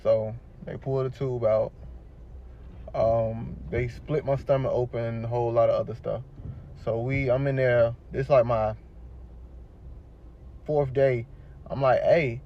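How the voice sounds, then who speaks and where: A man tells his story in a loose, slangy, rambling way, circling back and repeating himself. His pitch sits in the middle for a man. The sound is dull and lo-fi, like audio taken from a shared video clip. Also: steady tone, a little slow, pauses often, a little hiss or hum. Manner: rambling, slangy, rises when retelling his pleas. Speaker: shooting survivor telling his story. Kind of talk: casual storytelling.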